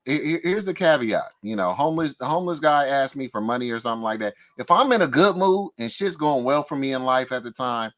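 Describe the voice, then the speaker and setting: A man's voice: medium pitch, lively intonation, a little fast, hardly any pauses, a bit bright. A man co-hosting a casual podcast, talking in a laid-back way and repeating words as he starts. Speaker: podcast co-host. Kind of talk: casual chat.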